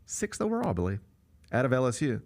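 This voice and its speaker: A man's voice: mid-range voice, huge pitch swings, fast talker, a little mellow. A man hosting a sports talk show, chatting casually and with strong opinions, acting out quotes with big swings in his voice. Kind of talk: casual sports radio chat.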